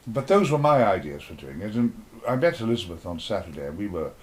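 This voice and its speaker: A man's voice: on the low side, sing-song, quick pace. An older man, an actor being interviewed, reminiscing in a rambling, playful way and acting out little exchanges as he tells them.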